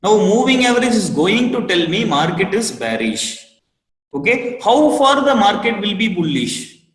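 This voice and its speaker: A man with an Indian English accent teaching a live online trading class, repeating each point and asking students for a quick yes. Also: sits high, sing-song, fairly bright tone. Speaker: trading course instructor. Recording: roomy echo with long reverb.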